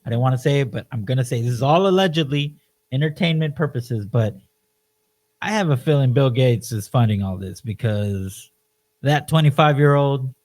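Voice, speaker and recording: A man co-hosting a podcast, talking in an animated, emphatic way and leaning on "you know" as he tells stories. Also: mid-range voice, moderate pace. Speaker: podcast co-host. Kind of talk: casual podcast chat.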